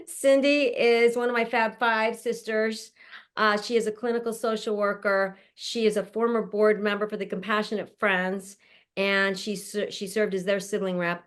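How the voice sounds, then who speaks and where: A woman at home, her mother nearby, hosts an online panel and introduces each guest in a warm, talkative, effusive way, laughing often. Her delivery is flat, though, in a mid-range voice at a moderate pace.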